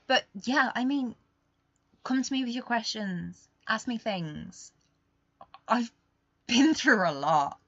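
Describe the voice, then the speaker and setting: A young woman hosting a podcast, talking candidly in a rambling, confessional way that swings between quiet and emphatic. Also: on the high side, expressive, slow, pauses often, no room sound, lo-fi sound. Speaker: podcast host. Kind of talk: casual confessional monologue.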